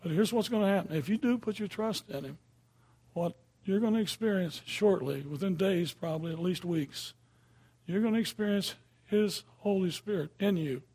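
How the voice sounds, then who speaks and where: A man's voice: sits high, normal speed, a little mellow, husky. An older man preaching a sermon in a folksy, conversational way, often checking in with his listeners.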